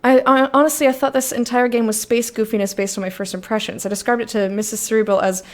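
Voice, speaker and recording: A woman's voice: fairly high pitch, fairly even intonation, fast talker. A young woman streaming a game, chatting casually and giggling often. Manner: bubbly, giggly, gushing. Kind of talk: casual live-stream chat while playing a game.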